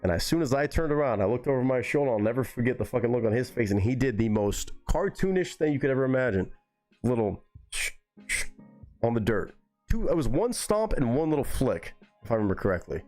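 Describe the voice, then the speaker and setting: A man on a live stream telling a story in a relaxed, rambling way, swearing freely. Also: mid-range voice, fairly quick, faint music behind. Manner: relaxed, rambling and heavily profane.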